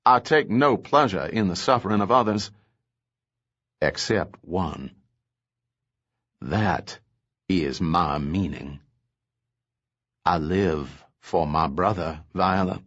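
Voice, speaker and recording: A man's voice: low-pitched, animated, slow, long pauses, fairly bright tone, muffled recording, full character voice. A man playing a languid, menacing villain. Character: cold, languid male villain, pleased with himself.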